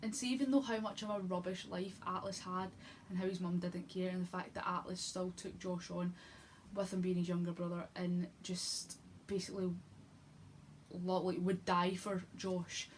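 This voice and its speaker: A woman's voice: fairly low pitch, little pitch movement, moderate pace. Young woman gushing about a book, chatty, lots of ums, faint hiss behind. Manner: gushing and chatty, full of fillers and restarts. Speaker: book vlogger. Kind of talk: casual book review.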